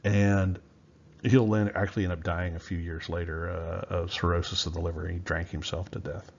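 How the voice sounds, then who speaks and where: A man's voice: sits low, little pitch movement, normal speed, vocal fry, lo-fi sound, slight background noise. A man giving a casual history lecture in a loose, conversational way, with many fillers and restarts. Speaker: history teacher.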